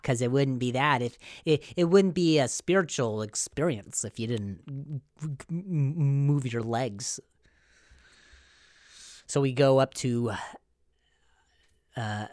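A man's voice: medium pitch, no echo, studio quality. A man hosting a podcast who rambles through a comic story with lots of fillers and mocks himself. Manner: rambling, filler-heavy, self-mocking. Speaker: podcast host. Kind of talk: comedic storytelling.

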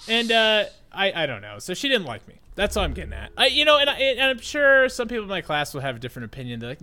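A man in his late twenties telling a story in casual chat, animated and profane, with lots of "like" fillers. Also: sits high, quick pace, few pauses.

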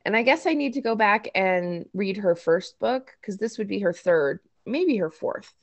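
A woman co-hosting a podcast in casual chat, easygoing and quick to laugh, thinking aloud as she talks. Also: mid-range voice, lively intonation. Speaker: podcast co-host.

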